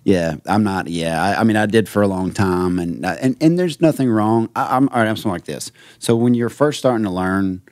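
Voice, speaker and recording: A man's voice: fairly low pitch, a little fast, few pauses, a little mellow, no echo, studio quality. A man from Mississippi, a chef and guitarist, chatting casually on a podcast and telling rambling stories. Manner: rambling storyteller, quotes others. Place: podcast studio.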